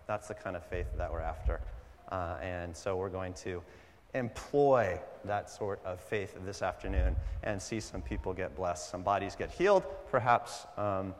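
A man preaching a sermon at a church service, animated and conversational, wandering into asides, in a hall with long reverb. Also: sits low, a little slow, slight background noise. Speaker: pastor.

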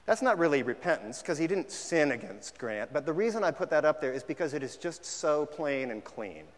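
A man's voice: fairly high pitch, expressive, brisk. A man preaching a sermon in a conversational way, at times mimicking half-hearted apologies. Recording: long hall reverb.

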